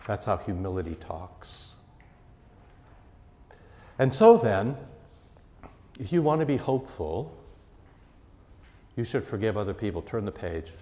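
A man, a pastor, preaching a sermon earnestly and emphatically, his voice rising and falling in loudness. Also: fairly low pitch, very animated, unhurried, long pauses, in a large hall.

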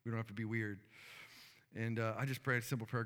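A man's voice: lowish voice, level tone, fast, a bit bright, long reverb tail. A man, a pastor, preaching a sermon and telling a story earnestly, with many fillers.

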